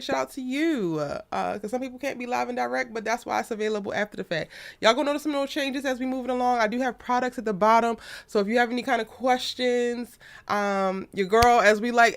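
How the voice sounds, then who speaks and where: A woman's voice: a little high, smooth. Chatty woman hosting a live stream. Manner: animated, chatty, greets viewers. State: recovering from lost voice. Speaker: host.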